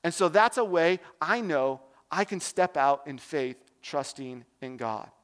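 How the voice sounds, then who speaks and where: A man's voice: on the high side, lively intonation, unhurried, fairly bright tone. A young man giving a casual, conversational sermon, often asking the listeners questions. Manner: conversational, asks the audience questions. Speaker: preacher.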